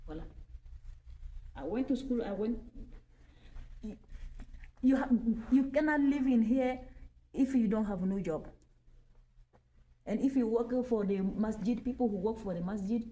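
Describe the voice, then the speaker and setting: A woman's voice: lowish voice, mellow. A woman in her forties from Mali, speaking. She talks casually to the camera, repeating her points for emphasis and often checking in with "okay?". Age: 40s. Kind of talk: casual personal talk to camera.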